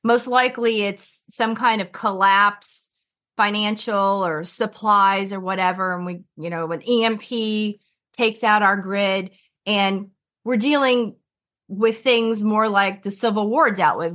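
A woman talking casually as a guest in an interview, chatty and quick to jump in. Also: mid-range voice, fairly bright tone. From United States. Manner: chatty, finishes others' sentences.

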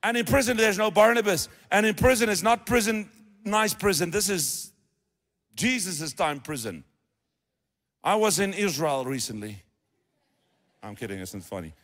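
Pastor preaching in a hall. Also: male voice, high-pitched, animated, moderate pace, pauses often, fairly bright tone. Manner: conversational, playful storytelling. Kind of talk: sermon. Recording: long reverb of a large hall.

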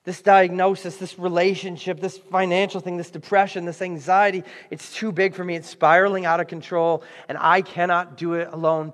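A man's voice: high voice, normal speed, few pauses. A male pastor delivering a conversational sermon to a church audience, acting out the story as he tells it. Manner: conversational, animated, acts out the story. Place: church auditorium. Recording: echoey hall.

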